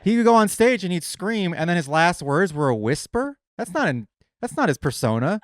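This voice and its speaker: An emphatic, opinionated man co-hosting a podcast in casual chat. His voice sits a little higher than most men's. The sound is dry and close. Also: very animated, fairly quick, no echo. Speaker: podcast co-host.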